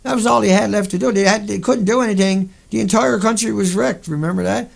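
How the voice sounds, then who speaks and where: A man with a raised, high voice roughened by heavy fry. He talks as a video host in a furious, profane rant that breaks into sudden outbursts. His anger carries through every line. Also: fast. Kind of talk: angry monologue over pictures.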